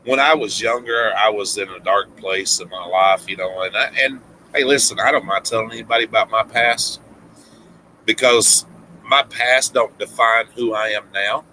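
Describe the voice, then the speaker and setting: An older man on a casual vlog, talking in a halting, emotional way. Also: fairly low pitch, pushed and bright, slight background noise, low-quality recording. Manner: choked up, halting, reading a letter aloud. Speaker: vlogger.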